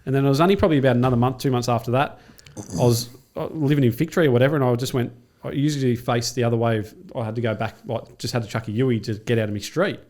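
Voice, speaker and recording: A man's voice: mid-range voice, steady tone, rapid-fire, few pauses, darkish tone. A man in his thirties with an Australian accent, a podcast guest telling stories casually, swearing freely. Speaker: podcast guest, triathlete and coach. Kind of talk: casual storytelling.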